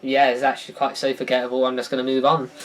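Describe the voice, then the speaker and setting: A man's voice: medium pitch, completely flat delivery, quick pace. A man reviewing films in a casual, rambling way, often sighing, restarting his sentences and adding sarcastic asides. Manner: rambling, self-interrupting, sighs, sarcastic asides. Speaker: film reviewer.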